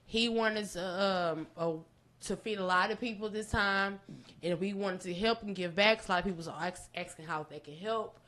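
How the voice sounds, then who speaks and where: A woman, guest on a podcast, telling a long story in an excitable, animated way. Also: normal speed. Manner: animated, excitable storytelling with big pitch jumps and profanity. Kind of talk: storytelling in casual chat.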